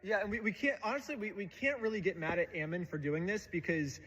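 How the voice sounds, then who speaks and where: A man's voice: high-pitched, fast, fairly bright tone, big-room sound, poor audio. A man telling his side in casual chat, rambling and sarcastic. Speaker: video creator explaining his story.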